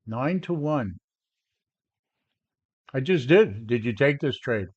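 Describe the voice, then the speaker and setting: Husky, slightly mellow, and expressive, his medium-pitched voice moves at a slow pace over dull audio. The speaker is a brash, combative trading coach in his seventies who answers live stream viewers directly.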